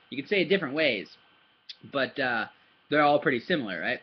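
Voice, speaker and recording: Husky guy teaching a kid german words, animated, keeps asking right?, kinda muffled audio. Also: medium pitch. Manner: patient, encouraging, explains slowly with many "right?" checks. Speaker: language tutor. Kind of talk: casual video lesson for a child. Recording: dull lo-fi recording.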